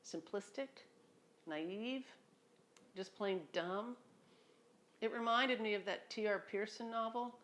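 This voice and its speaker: A woman reading her own memoir aloud at home, in a reflective, conversational way with a dry humor. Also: medium pitch. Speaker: memoir narrator. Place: home near a beach.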